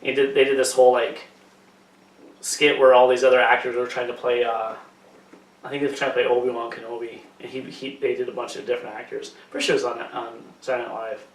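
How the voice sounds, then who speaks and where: A man's voice: mid-range voice, flat delivery, fast talker. A man co-hosting a podcast who rambles and swears a lot in casual chat. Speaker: podcast co-host. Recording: echoey room, mic from a distance.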